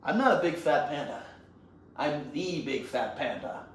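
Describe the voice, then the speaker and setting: A man voicing a clumsy, big-hearted male panda hero, blurting his lines in a goofy, excitable way. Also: on the high side, unhurried. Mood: defiant. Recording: roomy echo, faint ambient noise.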